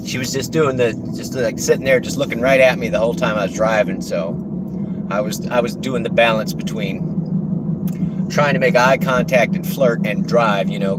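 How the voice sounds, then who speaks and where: A man with a lowish voice rambles casually as he drives, cracking jokes and tossing in silly voices. He talks into a phone in a moving car. Loud road and engine noise rolls under everything he says. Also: distant mic. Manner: rambling, jokey, slips into silly impressions. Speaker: rideshare and delivery driver streaming. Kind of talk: casual live-stream chat while driving. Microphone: phone used for streaming.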